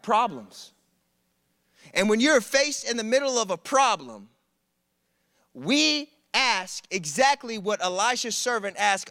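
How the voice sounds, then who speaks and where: A man preaching a sermon, telling stories in an animated, conversational way with humor. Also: sits high, takes it slowly, long pauses, no room sound, clean studio sound. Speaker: preacher at a college ministry. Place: church service.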